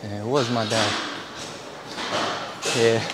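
A man's voice: fairly low pitch, little pitch movement, takes it slowly, noisy background. A young man chatting casually in a gym between sets, slangy and profane, telling stories with laughs. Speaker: vlogger. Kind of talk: casual workout vlog chat.

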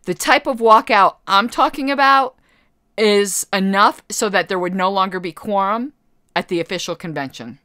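A woman talks through chat questions on her own livestream, blunt and chatty. She keeps stopping to correct herself mid-thought. Her voice sits at a middle pitch and sounds dry and close to the mic. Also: moderate pace, pushed and bright, no echo. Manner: chatty, rambling self-corrections, blunt asides. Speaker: party committee member hosting a livestream. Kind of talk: casual livestream Q&A, reading chat.

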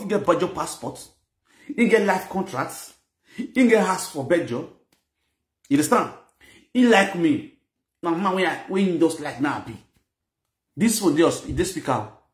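A man with a Nigerian Pidgin English accent, telling a personal story in an animated, mixed-language way. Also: sits high, echoey room. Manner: animated, mixes Pidgin and Yoruba phrases. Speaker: social media presenter. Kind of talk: storytelling monologue.

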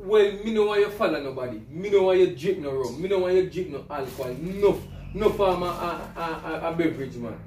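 A man's voice: on the high side, lively intonation, fairly quick, darkish tone, slight background noise. A man with a Jamaican accent lecturing his partner in a casual argument, repeating himself insistently. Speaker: vlogger husband. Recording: echoey room, mic far off.

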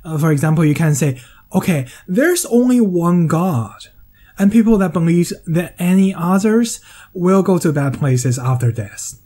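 Man, English speaker, essay narration: mellow, dry humor, hesitant fillers. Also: a little high, expressive, a little slow. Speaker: video essayist. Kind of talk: scripted monologue.

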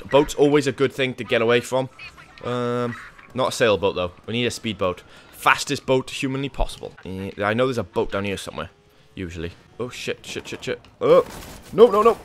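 A man's voice: medium pitch, slight background noise. A man giving live, panicky commentary on his own gameplay, swearing and talking to himself. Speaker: gaming YouTuber.

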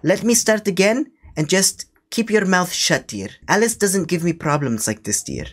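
A man's voice: high-pitched, lively intonation, moderate pace, fairly bright tone, husky, exaggerated voice. A man doing a fussy old grandma who calls everyone dear. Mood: scolding. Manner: says dear constantly, scolding, meandering. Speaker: scambaiter. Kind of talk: prank phone call.

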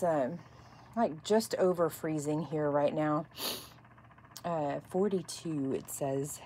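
A woman in her thirties from north central Texas, with a softened Texas accent, chatting casually with viewers while she works on epoxy cups. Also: sits low, slight background noise. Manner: chatty, rambling, reacts to chat comments. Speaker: crafter making epoxy cups. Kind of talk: casual chat while crafting.

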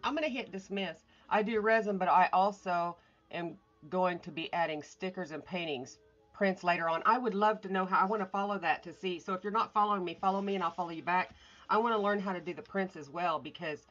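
A woman's voice: on the low side, a little fast, fairly bright tone. A woman chatting casually and scattershot on a morning livestream from home, greeting viewers and swearing offhand. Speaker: artist livestreaming. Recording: dull lo-fi phone audio.

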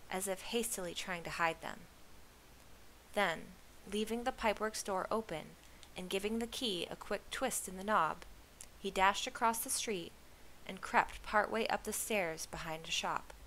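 A woman reading a novel aloud with steady, expressive storytelling. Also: mid-range voice, a little hiss or hum, rough recording. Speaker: reader.

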